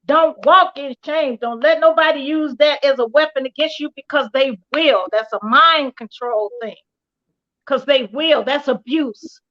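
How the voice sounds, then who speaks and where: An older woman tells her own story as a guest on an internet radio show. Her voice is high, and she keeps driving home her points by repeating them. The sound is muffled and lo-fi, like a livestream. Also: measured pace. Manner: emphatic, repeats key phrases. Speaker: guest, retired police officer and actor. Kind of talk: animated personal storytelling.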